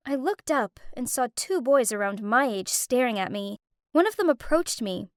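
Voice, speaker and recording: High, lively woman narrating a drama. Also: moderate pace, no room sound, clean studio sound. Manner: emotional, dramatic delivery. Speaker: storyteller. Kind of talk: scripted first-person story narration.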